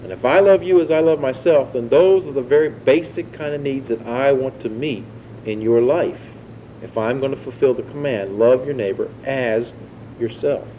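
A man's voice: medium pitch, normal speed, mellow, slight background noise, rough recording. A man preaching a sermon, teaching in a conversational way and putting questions to his listeners.

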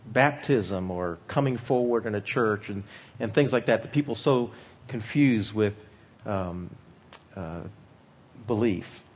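A man speaking as a pastor, giving a measured teaching talk on ministry with frequent pauses and fillers. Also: fairly low pitch.

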